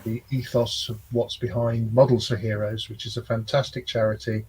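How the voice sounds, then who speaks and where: A man's voice: medium pitch, little pitch movement, normal speed, a little mellow, slight background noise, low-quality recording. Teasing man co-hosting a stream. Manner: teasing, dry banter. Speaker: co-host. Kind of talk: casual live-stream chat.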